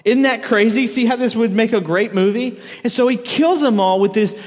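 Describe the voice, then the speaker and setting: A man's voice: extremely high pitch, normal speed. A man preaching a casual, joking sermon to a crowd, telling a story with frequent laughs. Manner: joking, animated, laughs often. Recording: echoey hall reverb.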